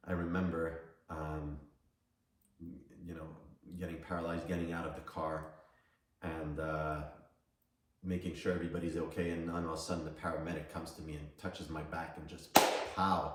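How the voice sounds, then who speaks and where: A low-voiced middle-aged man tells his personal story in a relaxed, motivational way. He speaks casually, as a coach would to a class. The sound is roomy, with a strong echo, and he is set back from the mic. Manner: casual, storytelling, laughs between lines. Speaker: psychic medium and coach. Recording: very echoey room, distant from mic.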